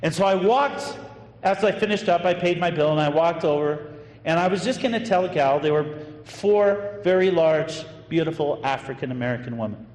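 A man's voice: fairly high pitch, moderate pace, darkish tone. A man preaching as a pastor, telling an anecdote in a conversational way with fillers. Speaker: associate pastor. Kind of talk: sermon storytelling. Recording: echoey hall with long reverb and faint noise.

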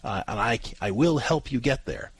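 A man's voice: medium pitch, lively intonation, normal speed, slightly rough, dry recording. A man co-hosting a parenting advice show, explaining at length with frequent restarts and fillers.

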